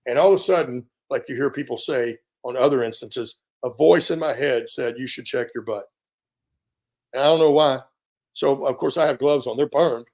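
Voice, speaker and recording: An American man in his fifties, a veteran guest on an interview, telling a story in a casual, animated way and filling pauses with ums and you-knows. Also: mid-range voice. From United States. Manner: animated storyteller, acts out quoted dialogue, frequent fillers.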